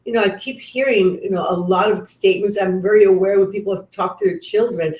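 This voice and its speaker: Speaking a little fast in a mellow, medium-pitched voice with fairly even intonation, a middle-aged woman presents a parenting webinar. Her earnest, chatty delivery includes personal stories and frequent restarts, all captured with a roomy echo.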